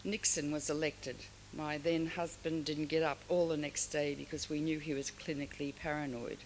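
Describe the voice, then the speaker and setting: Speaking in a low voice at normal speed, this older woman from Australia delivers a frank, story-driven award speech with lively asides. The setting is a large hall, and the audio has long reverb plus faint hiss.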